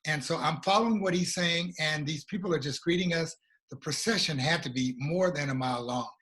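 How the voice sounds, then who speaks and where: American guy telling his story, earnest and reflective, a bit high-pitched. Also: fairly bright tone. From USA. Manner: earnest, reflective, slow at emotional moments. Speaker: guest, regional coordinator. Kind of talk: personal storytelling in a conversation.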